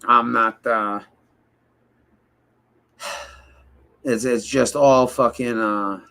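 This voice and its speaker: A man's voice: mid-range voice, fairly even intonation, very slow, vocal fry, pushed and bright, clean tone. A man giving a casual interview, rambling and heated, swearing often and mimicking other people in quoted voices. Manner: profane, rambling, heated, many fillers and restarts.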